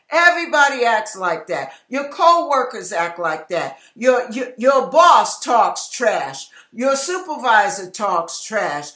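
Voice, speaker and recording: A woman with a high, bright voice preaching in an emphatic, repetitive way, taking her time over each phrase. She acts out household quarrels in little quoted voices. Her words ring in an echoey room. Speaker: Christian teacher. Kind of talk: sermon-style Bible teaching.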